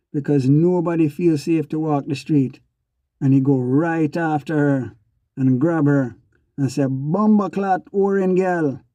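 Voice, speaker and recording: A man with a mellow voice on the high side narrates an audiobook in the first person. His delivery is rhythmic, repeating sound words, and the recording is dry and lo-fi.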